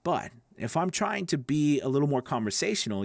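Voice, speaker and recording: A voice acting coach talks straight to his students, his slightly nasal, gravelly voice rising and falling a lot as he rambles and restarts. He keeps checking in with them as he goes. The sound is close and dry, with no room in it. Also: on the high side, big pitch swings, a little fast, hardly any pauses, no echo. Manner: loose, rambling, with restarts and checks like "okay? right?". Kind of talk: casual teaching to camera.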